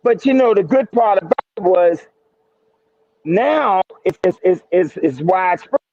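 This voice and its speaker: A man's voice: high-pitched, expressive, a little slow, a little mellow, no echo. A man telling his story as a podcast guest, emphatic and repetitive, often restarting his sentences. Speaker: guest, retired federal marshal. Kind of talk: casual storytelling interview. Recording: dry, slightly dull sound.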